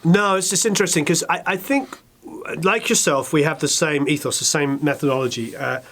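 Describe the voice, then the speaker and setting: A middle-aged man with an English accent, chatting as an interview guest and telling animated stories with quick asides. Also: fairly high pitch. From England. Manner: animated storyteller, quick asides, acts out quotes. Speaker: record producer, interview guest. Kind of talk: casual interview chat.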